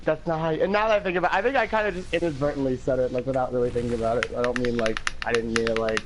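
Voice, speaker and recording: A man's voice: medium pitch, racing, a little hiss or hum, rough recording. An American man hosting a gaming livestream, rambling in casual chat, laughing often and cursing freely. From United States. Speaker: livestream host.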